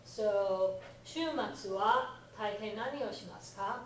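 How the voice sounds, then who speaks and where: A woman teaching a Japanese lesson who talks in an animated way, acting out example lines and laughing often. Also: mid-range voice, a little slow. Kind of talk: lively one-on-one lesson. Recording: echoey room, far from the mic, faint noise.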